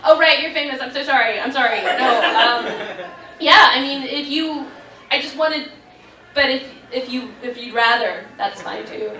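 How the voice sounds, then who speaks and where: A woman in her thirties telling a lively story to a convention audience, laughing and acting out what people said. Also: high-pitched, normal speed, a crowd in the background. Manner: animated, laughing, acting out quotes. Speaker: convention panel guest. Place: convention panel room. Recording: echoey room, voice from far off.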